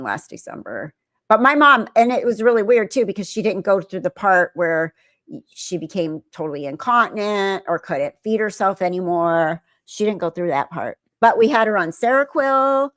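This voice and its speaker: A woman's voice: lowish voice, normal speed, no room sound. Chatty woman live-stream host, dry sound. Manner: chatty, animated storytelling. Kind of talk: casual live commentary reading chat.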